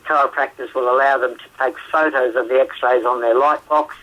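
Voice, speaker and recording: A man from Australia with an Australian accent, talking as a guest therapist in a phone interview, chatty, laughing often and filling pauses with "uh" and "um". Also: medium pitch, fairly even intonation, sharp tone. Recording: radio show phone line.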